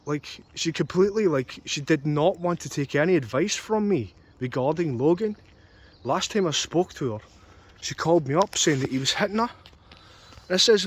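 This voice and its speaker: A man's voice: on the high side, lively intonation, moderate pace, slightly rough. A young man ranting angrily and repetitively about a custody dispute, swearing often. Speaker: vlogger. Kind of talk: angry personal rant.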